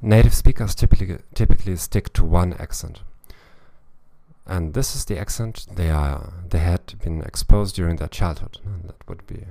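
A man's voice: low-pitched, moderate pace, creaky, warm tone. A man coaching language learners in a podcast monologue, thinking aloud and tacking on little tag questions. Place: lives in Eastern Europe.

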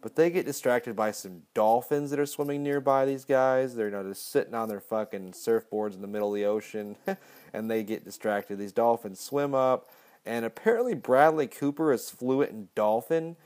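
A man hosts a loose, rambling movie recap and drops swear words freely. His voice sits at a middling pitch for a man. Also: moderate pace, a little mellow. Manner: profane, rambling. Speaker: podcast host.

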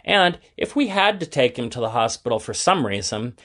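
A man reading aloud and voicing a calm, caring father in a children's story. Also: medium pitch, normal speed. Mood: reassuring. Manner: gentle, reassuring.

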